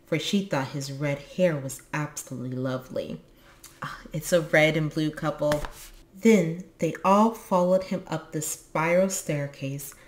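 A woman reading a children's storybook aloud in steady narration. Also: low voice. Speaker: book channel host.

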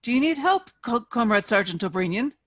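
A woman's voice: on the high side, very animated, a little fast, a bit bright, no room sound, voice pushed up. A woman reading aloud and voicing a nervous young male officer who speaks anxiously and deferentially.

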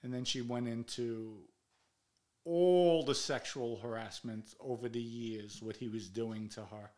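A middle-aged man from New talks straight into the mic, with the thick in his speech. He tells his story bluntly and heatedly, and he curses without holding back. His pitch sits at an ordinary middle height for a man. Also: steady tone, a little slow, darkish tone. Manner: blunt, heated, swears freely. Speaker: podcast host. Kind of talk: personal storytelling monologue.

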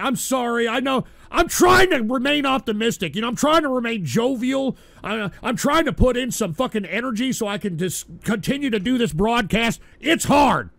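A male live-stream host ranting through broadcast commentary, profane and combative, swinging into shouting at his chat. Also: high-pitched, dry recording.

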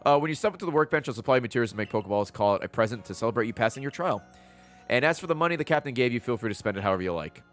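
A man reading out a game character's instructions in a lowered, rushed voice. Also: expressive, a bit bright, soft background music, close to an everyday voice. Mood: matter-of-fact.

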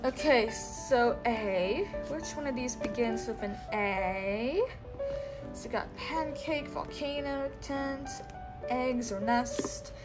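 A woman teaching a child one-on-one, speaking slowly and patiently and repeating words for the child to say back. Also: fairly high pitch, over music. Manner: slow, coaxing, repeats words for the child to echo.

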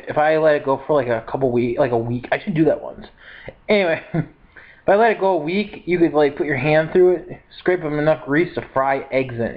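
A man's voice: a little high, dull audio. A man in his twenties vlogging in a casual, rambling and upbeat way, with frequent laughs and filler words. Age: 20s. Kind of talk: casual chat to camera.

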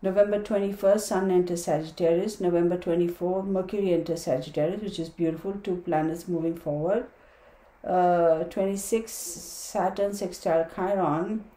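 A woman's voice: fairly low pitch, fairly even intonation, normal speed, dark tone, reverberant. A woman giving a casual tarot and astrology talk, reading dates aloud and chatting with viewers. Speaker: tarot reader.

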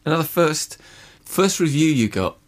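A man's voice: fairly high pitch, very animated, moderate pace. A man hosting a radio interview, leading it with curious questions. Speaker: radio presenter.

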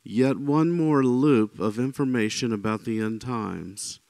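Speaking a little slowly in a medium-pitched voice, a man gives an informal Bible teaching, keeping it conversational and checking in often with "right?" and "you know." He livens up when voicing quoted speakers, and the recording is dry.

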